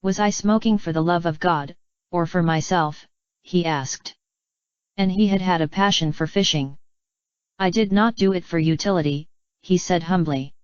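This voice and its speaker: A woman narrating an audiobook memoir in an even, measured reading. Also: lowish voice, clear, resonant tone, no room sound. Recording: dry, slightly dull lo-fi audio.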